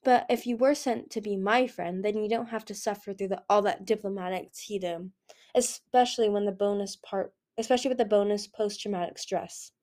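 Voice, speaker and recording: Woman doing a smooth, confident young male dragon, teasing and persuasive, audiobook character. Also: medium pitch, brisk, darkish tone, natural voice. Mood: charming.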